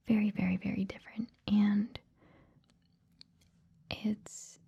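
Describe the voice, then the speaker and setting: A young woman, rambling in a breathy ASMR whisper close to the mic, drifting along with many ums. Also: medium pitch, lo-fi sound. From Canada. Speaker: ASMR creator. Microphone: close ASMR microphone.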